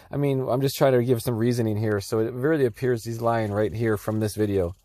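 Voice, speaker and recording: A man's voice: mid-range voice, brisk, dark tone, no echo, studio quality. A man commenting on a news clip in a mocking, argumentative way. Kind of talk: sarcastic reaction commentary.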